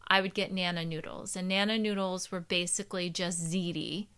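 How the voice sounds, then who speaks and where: A woman's voice: on the low side, steady tone, moderate pace, fairly bright tone, clear, resonant tone. A woman with a New Jersey accent giving a candid, casual self-help talk to her community, swearing now and then. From New Jersey, USA. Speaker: personal growth host. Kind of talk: casual monologue.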